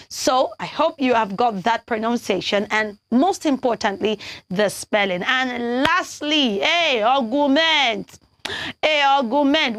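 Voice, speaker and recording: Nigerian woman, young, children's TV teacher, high bright voice, dry close sound, coaxing and lively. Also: no echo. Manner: animated, coaxing, spells words letter by letter. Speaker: children's TV presenter. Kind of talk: teaching English pronunciation to children.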